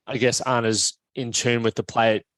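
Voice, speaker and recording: A man hosting a podcast, asking rambling, relaxed questions with many "yep" backchannels. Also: mid-range voice, brisk, no room sound. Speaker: podcast host. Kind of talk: casual interview hosting.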